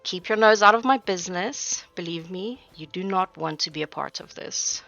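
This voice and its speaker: A guarded, secretive woman, voiced by a woman game master, gives low, hushed warnings in a tabletop game. Her voice is bright and gravelly. It sounds a little dull and lo-fi. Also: moderate pace, soft background music.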